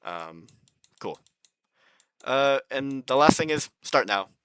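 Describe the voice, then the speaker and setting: A man's voice: medium pitch, big pitch swings, slow, fairly bright tone, clear, resonant tone, no echo. A man in his twenties giving casual money advice in a rambling, loose way, full of fillers and the odd swear word. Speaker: finance vlogger.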